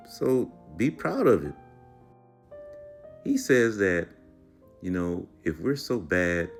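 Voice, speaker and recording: A man's voice: deep voice, gravelly. A man giving reaction commentary in a preachy, lecturing way.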